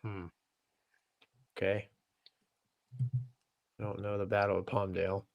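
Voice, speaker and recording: A man's voice: lowish voice, level tone, a little slow, gravelly, no room sound, muffled recording. A man co-hosting a casual show who laughs easily, reacts in short lines and reads viewer comments aloud. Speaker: podcast co-host.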